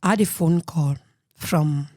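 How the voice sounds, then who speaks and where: A woman with a Cameroonian accent telling her life story as an interview guest, earnest and emotional, often dropping to a soft murmur. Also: deep voice, unhurried, no room sound, clean studio sound.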